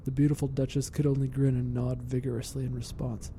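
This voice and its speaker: Guy reading a creepy story, pretty monotone, rumbly noise in the background. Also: fairly quick, few pauses. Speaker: narrator. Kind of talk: horror story narration.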